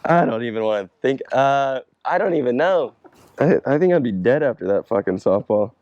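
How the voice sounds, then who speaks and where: A man's voice: medium pitch, lively intonation, normal speed, a little mellow, no echo, highs cut off. A young man in casual chat, answering fan questions about skateboarding in a loose, rambling way, swearing freely and laughing often.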